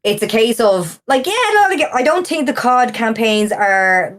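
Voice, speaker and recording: A woman's voice: on the high side, measured pace. Ranting woman in her forties. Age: 40s. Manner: animated, ranting, swears freely. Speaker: podcast co-host. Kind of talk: casual chat.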